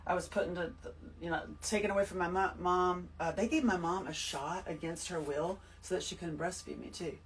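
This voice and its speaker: A woman giving an emphatic, animated spiritual talk to her listeners, full of swearing. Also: lowish voice, a little fast, distant mic, slight background noise, rough recording. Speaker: host. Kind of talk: spiritual monologue to camera.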